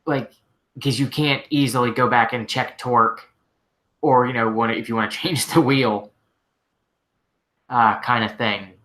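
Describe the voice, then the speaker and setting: A man hosting a casual live-stream Q&A, answering questions as a working mechanic, relaxed and rambling with lots of "like" and "you know". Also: medium pitch, a little slow, pauses often. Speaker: host answering viewer questions; mechanic, shop owner.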